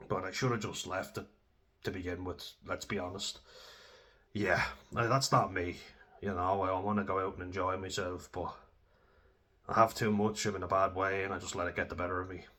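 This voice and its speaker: Man, Irish accent, young adult, low-pitched, casual, sweary, self-deprecating. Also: little pitch movement, brisk, sharp tone. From Ireland. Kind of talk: candid personal storytelling.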